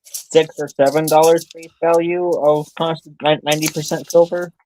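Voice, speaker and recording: A man's voice: a little high, level tone, moderate pace, noisy background. A man joining a livestream as co-host, talking casually and a little hesitantly. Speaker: co-host guest. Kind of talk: casual chat.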